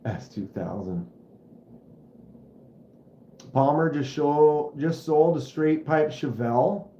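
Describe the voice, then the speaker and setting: A man hosts a relaxed livestream, telling meandering stories and acting out engine sounds along the way. His voice sits in a roomy space and comes through a little dull and muffled. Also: a little high, takes it slowly, a little hiss or hum. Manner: rambling, animated storyteller who mimics engine sounds. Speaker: livestream host. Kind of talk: casual livestream chat. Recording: roomy, slightly dull home stream audio.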